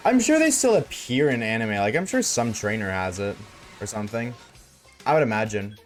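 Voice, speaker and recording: A man's voice: on the low side, sing-song, moderate pace, faint music behind. A man streaming a game and chatting casually with his viewers, laid-back and slangy, reading chat aloud.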